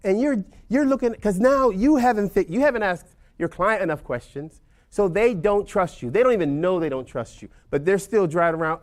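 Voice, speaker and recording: A man's voice: high-pitched, expressive, normal speed. A man teaching a class of real estate agents in a loose, conversational way, often checking in with "right?" over a video call. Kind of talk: informal lecture to agents.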